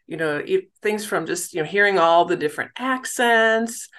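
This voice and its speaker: Bright, chatty American novelist, a middle-aged woman with self-deprecating humor. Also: medium pitch, lively intonation, normal speed. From United States. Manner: chatty, laughs easily, warm self-deprecating. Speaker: novelist guest. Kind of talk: casual interview talk.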